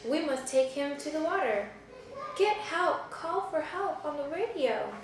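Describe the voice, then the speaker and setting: A woman voicing a young boy in a picture book, reading slowly and carefully. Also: sits high, animated, background noise. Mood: urgent. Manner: slow, careful, emphatic. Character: young boy telling his story. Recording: echoey room, mic far off.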